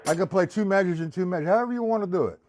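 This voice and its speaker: A man teaching drums on a live stream, with a fairly high voice. He chats casually with his viewers and counts the beats aloud. Loud drums and cymbals ring out behind him. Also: racing, over music. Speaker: drum teacher. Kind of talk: live-streamed drum lesson. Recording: loud drum kit playing behind the voice.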